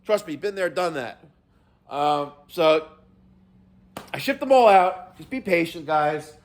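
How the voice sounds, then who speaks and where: A middle-aged man rants to his camera, his voice swinging high and low as he gets worked up. He talks fast and loose, swearing freely, and sounds exasperated. His voice sits a little above most men's. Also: expressive. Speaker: vlogger. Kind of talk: casual rant to camera.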